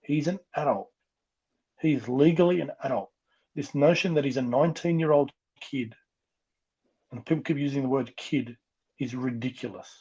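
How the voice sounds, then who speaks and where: A man's voice: mid-range voice, moderate pace, pauses often, warm tone, breathy edge, muffled recording. An Australian man, a rugby league coach, giving impassioned opinions on a podcast over a remote call, ranting and repeating himself.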